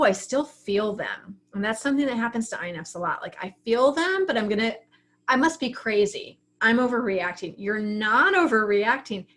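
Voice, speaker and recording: Chatty woman teaching a writing class. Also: a little high. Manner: chatty, frank, often acts out her own thoughts. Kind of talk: casual livestream class talk.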